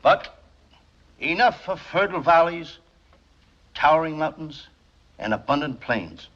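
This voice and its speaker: A man's voice: a little high, expressive, unhurried, fairly bright tone. An actor playing a flustered, stammering man making a speech, in 1940s film comedy acting on a dull, faintly noisy old film soundtrack. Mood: orating. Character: bumbling nervous American man giving a speech. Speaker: speech-giving pupil.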